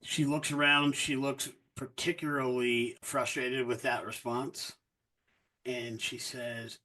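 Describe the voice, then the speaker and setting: A man's voice: mid-range voice, level tone, slow, pushed and bright, low-quality recording. Guy running a sci-fi tabletop game, easygoing, explains stuff as he goes. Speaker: game master.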